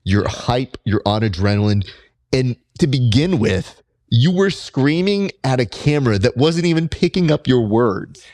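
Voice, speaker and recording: Male host, casual interview chat, very lively pitch, animated storyteller. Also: unhurried. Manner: animated storyteller, jumps high when quoting himself. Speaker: podcast host.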